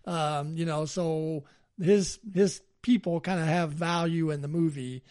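A man's voice: a little high, steady tone, unhurried, darkish tone. A man co-hosting a podcast in casual chat, easygoing and rambling. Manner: easygoing, rambling with fillers and laughs. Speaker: podcast co-host.

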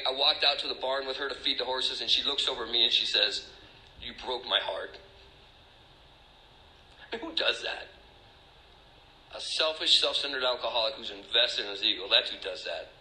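Bright-voiced man giving a confessional talk. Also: fairly high pitch, echoey room, rough recording. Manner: emotional, confessional, rambling with restarts. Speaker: recovery speaker. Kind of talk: personal testimony talk.

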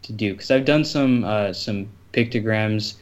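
Easygoing low-voiced man, lo-fi sound. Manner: easygoing, halting, with repeated words. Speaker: podcast co-host. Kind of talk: casual podcast conversation.

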